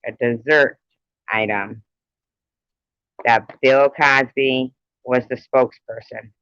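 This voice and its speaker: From home, with a cat around, a man runs a casual trivia livestream, tracking scores and teasing players in a chatty manner. His medium, smooth, fairly bright voice is slow and fairly even, and the lo-fi stream audio sounds dull and dry.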